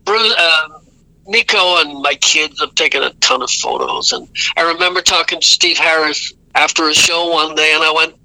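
A man's voice: fairly high pitch, big pitch swings, normal speed, pushed and bright, no room sound, poor audio. A man telling rambling, self-correcting stories as an interview guest. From Ireland. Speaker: guest musician. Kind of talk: casual storytelling interview.

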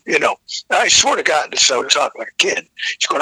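An older man, a veteran rock vocalist, relaxed and rambling through tour stories. His voice is very bright and forward. It sits close and dry on the mic. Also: mid-range voice, fast talker, creaky, breathy edge, no echo, low-quality recording. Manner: rambling anecdotal, frequent restarts, profane. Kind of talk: casual storytelling interview.

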